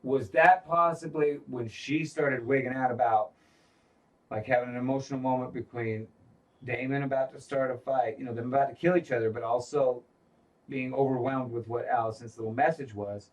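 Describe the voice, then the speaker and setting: A man of medium pitch talks through a show's episode in a loose, swearing recap, slipping into quoted lines from the characters. He sits back from the microphone, so his voice sounds a little distant. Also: steady tone, normal speed, dull audio. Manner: profane, retells scenes quoting characters. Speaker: podcast co-host. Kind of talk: casual recap chat.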